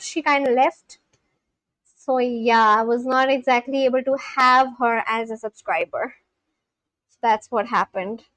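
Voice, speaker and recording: A woman's voice: high-pitched, fairly bright tone, no echo, rough recording. A young woman chatting casually on a livestream, gushing and exclaiming often as she reacts to viewers.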